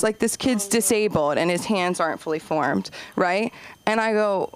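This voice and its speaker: Woman, stand-up comic, comedy club stage, rambling storyteller, voice leaps high on quotes, middle pitch. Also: moderate pace, smooth. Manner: chatty, rambling, swoops high for acted-out quotes. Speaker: stand-up comic and open mic host.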